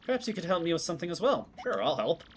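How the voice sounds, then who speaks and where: Man playing a flirty train passenger lady in a game, low and purring, flattering, lively swoops. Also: rapid-fire, slight background noise. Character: flirtatious adult woman on a train.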